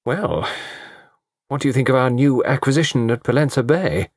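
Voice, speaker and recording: A man's voice: medium pitch, lively intonation, normal speed, a little mellow, husky, no echo, clean studio sound, voice pushed up. A man voicing a proud young woman who speaks in a tense, clipped way. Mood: strained. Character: strained, proud young English fiancée.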